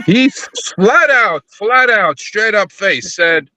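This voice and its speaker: Brief: bright-voiced man, profane and animated, in a dry studio, acting out the calls. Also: sits high, slow pace, few pauses, no room sound. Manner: profane, animated storytelling, acts out phone calls. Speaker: rideshare driver advocate, guest. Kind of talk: heated casual podcast talk. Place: live podcast studio.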